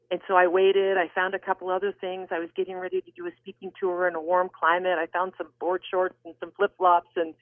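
A woman guest author telling a personal story in an interview, animated and expressive. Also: medium pitch, dry recording. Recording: tinny phone line.

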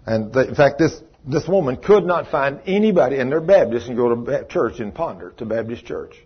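A man preaching a sermon, telling a story in a folksy, animated way and acting out the voices in it. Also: medium pitch, fairly quick, husky. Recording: dull lo-fi sermon recording.

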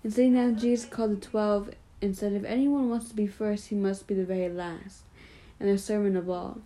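A woman with a mellow, warm voice at a middle pitch retells a Bible story in her own casual words. She talks loosely and chattily, sprinkling in "like" and "you know" as she goes. Now and then she stops to explain the meaning in plain terms. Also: steady tone, fairly quick, rough recording. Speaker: Bible study leader.

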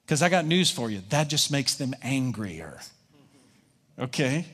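A man's voice: mid-range voice, sing-song, measured pace, fairly bright tone, breathy edge, big-room sound. A pastor preaching a conversational sermon, voicing his listeners' objections and answering them.

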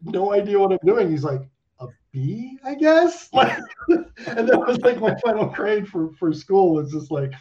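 A man around fifty chats as an interview guest, spinning stories with swearing, laughter and a steady stream of "like". His voice sits a little high for a man. The recording is dull and lo-fi. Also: normal speed, a crowd in the background. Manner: animated, swearing storyteller full of likes and laughs. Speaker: guest animator. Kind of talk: casual interview chat. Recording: dull lo-fi sound.

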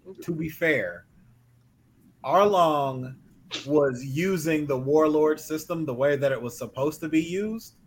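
A man with a somewhat higher voice rattles off quick, exasperated rundowns in a relaxed chat among friends. A faint background hiss runs under his voice. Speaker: podcast co-host. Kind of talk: casual roundtable chat.

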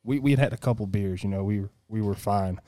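A man's voice: on the low side, quick pace, dry recording. A man chatting casually among friends in a laid-back way. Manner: laid-back, insists he is calm.

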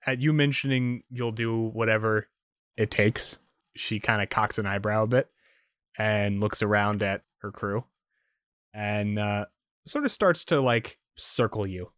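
Low-voiced game master, loose and hedging. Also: male voice, unhurried, a bit bright, dry recording, clean studio sound. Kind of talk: narrating a tabletop game.

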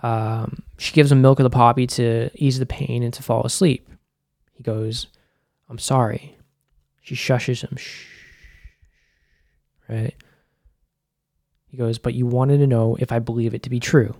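A man hosting a podcast, rambling through an episode recap in loose, casual commentary with lots of "like" and restarts. His voice sits at a middle pitch, and the recording is dry and close. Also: flat delivery, unhurried, creaky, long pauses, darkish tone, dry recording. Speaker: podcast host.

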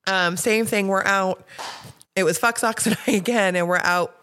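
A woman's voice: medium pitch, steady tone, moderate pace, fairly bright tone. A woman guest on a podcast, telling stories casually, swearing freely and laughing often. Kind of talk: casual storytelling.

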